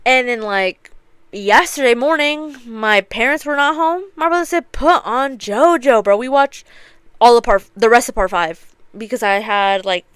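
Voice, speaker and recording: A woman's voice: fairly high pitch, moderate pace, smooth, no echo. A young woman hosting a podcast, retelling an anime plot in casual chat, swearing freely and acting out the characters' lines. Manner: animated, profane storytelling with acted-out quotes. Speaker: podcast host.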